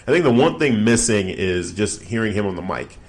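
Low-voiced man in rambling wrestling chat. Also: fairly quick. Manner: relaxed, rambling with many fillers. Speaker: podcast co-host.

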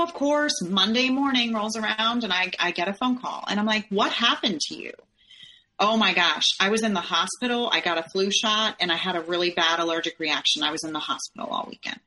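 Candid woman guest, bright and sharp-toned, retelling events and voicing the quoted lines. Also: mid-range voice, brisk. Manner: candid, acts out quoted dialogue in her retelling. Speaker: podcast guest. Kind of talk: personal storytelling in an interview.

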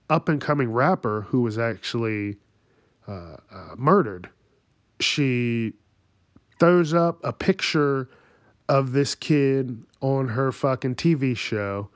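A man's voice: mid-range voice, no room sound, clean studio sound. A man ranting crudely about news stories, laughing often between lines. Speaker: commentator. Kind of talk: profane news commentary.

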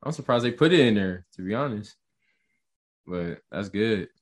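A man's voice: lowish voice, animated, normal speed. A man reacting in casual chat, slangy and laughing often. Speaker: podcast co-host.

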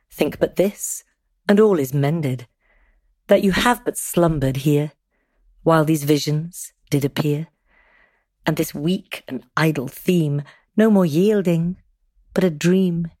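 A mischievous male sprite speaks his rhyming farewell gently and rhythmically, as a woman reads him. The voice sits low and unhurried, with a dry, close sound. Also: dry recording. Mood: apologetic. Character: Puck, mischievous male sprite making amends. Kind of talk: verse recitation.

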